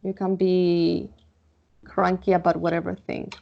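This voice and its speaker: A woman from Spain with a Spanish accent, teaching English vocabulary online, repeating words slowly and checking in with "okay?". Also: on the low side, little pitch movement, creaky, dull audio. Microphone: computer mic.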